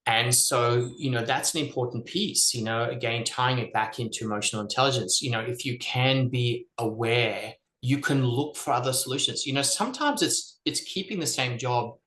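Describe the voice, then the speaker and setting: A man's voice: medium pitch, normal speed, few pauses, a bit bright. Male podcast guest, thoughtful explainer, roomy echo on the voice. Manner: thoughtful, explanatory, frequent "you know". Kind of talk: casual reflective chat. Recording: echoey room.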